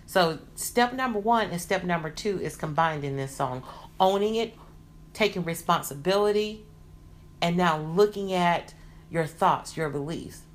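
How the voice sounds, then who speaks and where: A woman hosting a motivational podcast, talking in an earnest, encouraging way that grows lively when she gets excited. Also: fairly low pitch, unhurried. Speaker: podcast host.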